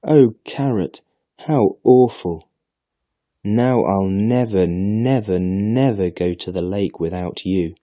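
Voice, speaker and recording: A man's voice: fairly low pitch, takes it slowly, dark tone, dry recording, studio quality. A man voicing a timid, curious little girl who asks pleading questions in a raised voice, reading a storybook aloud. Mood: frightened.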